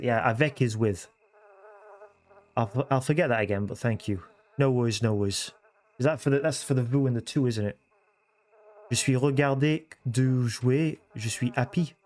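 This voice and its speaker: A man with a mid-range, somewhat mellow voice chats casually on a livestream from a room at home, sitting at his computer. He's talkative, repeats phrases and corrects himself as he goes.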